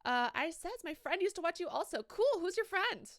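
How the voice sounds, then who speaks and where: Reading viewers' messages aloud and reacting to them, a woman live-streaming a game chats casually and swears freely. Her voice is extremely high, sing-song and fairly bright, at a moderate pace.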